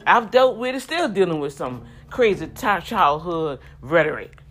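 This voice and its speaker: A woman's voice: on the low side, big pitch swings, normal speed, a bit bright. A woman in her fifties giving heated, indignant commentary straight to her viewers, often repeating words as she gets worked up. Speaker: vlogger.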